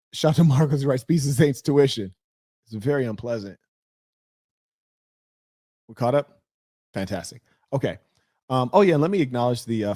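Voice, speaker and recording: A middle-aged man hosting a relationship advice livestream, talking candidly and telling stories with loud, animated outbursts. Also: lowish voice, no room sound, clean studio sound. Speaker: host of a relationship advice show. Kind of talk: casual livestream talk reading viewer messages.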